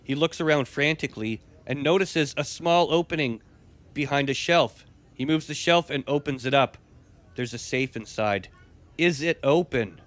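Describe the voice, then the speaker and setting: A man's voice: fairly high pitch, moderate pace, fairly bright tone. Casual man narrating as game master. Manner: casual, graphic storytelling. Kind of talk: narrating a role-play game.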